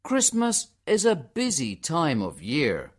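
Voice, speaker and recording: A man's voice: on the high side, wildly swooping pitch, slow, voice pushed up, exaggerated voice. Man doing a sympathetic airport clerk. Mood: apologetic. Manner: apologetic, sympathetic. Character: polite male airport ticket clerk. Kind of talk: storybook reading.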